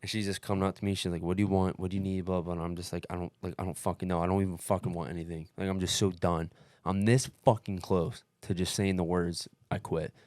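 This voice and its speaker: A young man with a very low voice tells a story in loose, profane podcast chat. He is animated and calls everyone "dude". The sound is dry and close. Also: quick pace, hardly any pauses, no room sound. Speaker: podcast guest recounting an ultramarathon.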